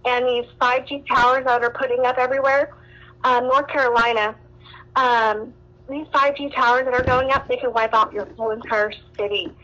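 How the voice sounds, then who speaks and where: A woman's voice: a little high, steady tone, normal speed, bright, forceful tone, muffled recording. A woman from Southern California calling in to a radio talk show, upset and rambling with many fillers and restarts. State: distressed. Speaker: caller.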